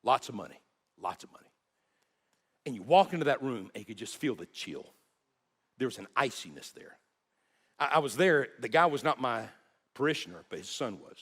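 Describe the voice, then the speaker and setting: A male pastor tells a story from the pulpit. His pitch swings widely as he moves from plain narration to hushed, earnest moments. He speaks with halting repeats. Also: big-room sound. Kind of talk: sermon storytelling.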